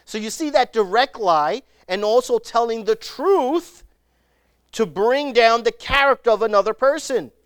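A preacher giving a sermon, retelling scripture stories in an animated way and acting out the people in them. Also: medium pitch, measured pace, smooth, no echo, studio quality. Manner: animated storytelling, acting out the scenes.

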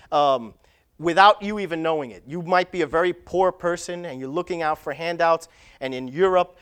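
An animated preacher delivering a sermon, with a voice that rises and falls widely for emphasis. Key lines are stressed and repeated, the delivery swinging between loud exhortation and quieter storytelling. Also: medium pitch.

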